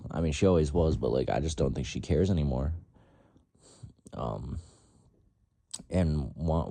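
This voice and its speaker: A man's voice: a bass voice, vocal fry, warm tone, husky, no room sound. A young man giving casual, rambling, profane fight predictions in a vlog. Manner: rambling, profane, lots of fillers.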